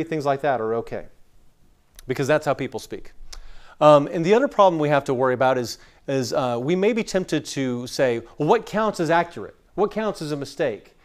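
A man from West Texas teaching scripture to a room of people in a conversational lecture, explaining through everyday stories. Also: a little high. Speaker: Bible teacher. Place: room with an audience.

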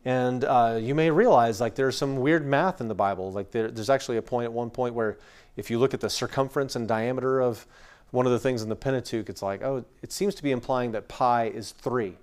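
A man from West Texas gives a relaxed, conversational Bible lecture to a room of people. His pitch sits in a middling range for a man. He talks his audience through ideas with homely anecdotes and quick acted-out quotes. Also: clean tone. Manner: chatty, explains through everyday stories and acted-out quotes. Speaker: Bible teacher.

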